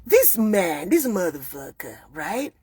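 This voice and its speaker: A woman with a Nigerian accent from Akwa Ibom, speaking out in an emphatic personal monologue that swings between loud outbursts and hushed, repeated oaths. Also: fairly low pitch, very animated, slow, husky, dry recording. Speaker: vlogger speaking out.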